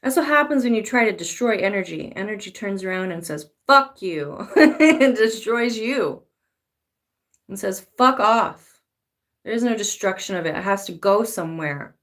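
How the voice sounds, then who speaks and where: A woman's voice: mid-range voice, expressive, fast talker. A woman giving a casual spiritual talk as a tarot reader, swearing freely and now and then acting out pleading voices. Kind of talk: spiritual monologue.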